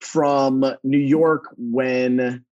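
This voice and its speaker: A man's voice: medium pitch, steady tone, very slow, highs cut off, noisy background. A young man from Texas, a guest on a podcast, talking earnestly and politely and laughing easily. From Dallas, Texas. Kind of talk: casual interview chat.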